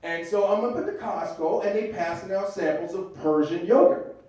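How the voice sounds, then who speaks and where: A comedian with a fairly high voice tells loose, profane stories on stage. The sound is roomy and distant, as if caught from the back of the club. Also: male voice, moderate pace, a little mellow. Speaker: stand-up comedian. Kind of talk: stand-up comedy set. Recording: echoey club from far off.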